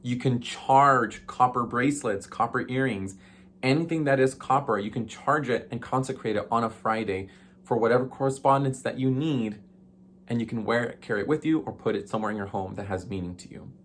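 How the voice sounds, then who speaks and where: A man's voice: medium pitch, fairly quick, a bit bright, slight background noise. A man hosting a casual witchcraft tutorial, chatty and playful with sassy asides and frequent ums. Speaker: witchcraft video host.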